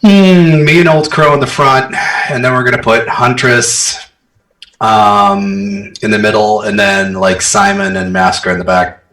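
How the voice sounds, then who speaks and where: A man's voice: lowish voice, unhurried, a bit bright. A man playing a tabletop game, speaking casually and cracking wry jokes. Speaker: player. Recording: echoey room.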